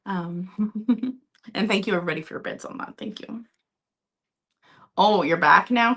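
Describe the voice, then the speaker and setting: A woman's voice: medium pitch, a little slow, long pauses. A woman from Minnesota hosting a live vintage sale, chatting casually, laughing often and talking to her cat. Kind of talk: live-stream selling chat.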